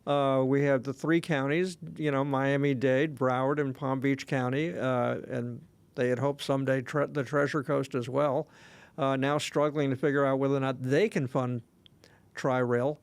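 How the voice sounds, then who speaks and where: A man's voice: mid-range voice, level tone, moderate pace, smooth, no echo. A man co-hosting a casual podcast chat, rambling along with lots of fillers and restarts. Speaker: podcast co-host.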